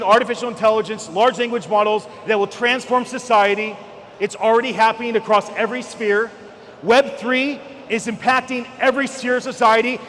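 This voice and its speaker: A man in his forties from California giving an energetic keynote speech at a conference, emphatic and at times shouting for emphasis. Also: very high-pitched, a little hiss or hum. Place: large event hall. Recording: echoey hall with faint ambience.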